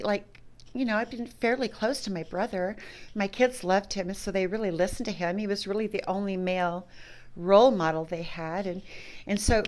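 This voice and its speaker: A middle-aged woman speaks as an interviewee at an ordinary, mid-range pitch. She tells her story haltingly, breaking off, restarting and leaning on "you know" between thoughts. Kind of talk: personal recollection.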